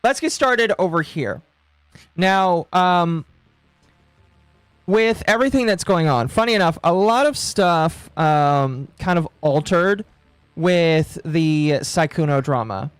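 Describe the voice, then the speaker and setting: Woman streamer, rambling commentary, dry close sound, soft music behind. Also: lowish voice, expressive, takes it slowly, no room sound. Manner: rambling, repeats phrases, laughs often. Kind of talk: casual live-stream commentary.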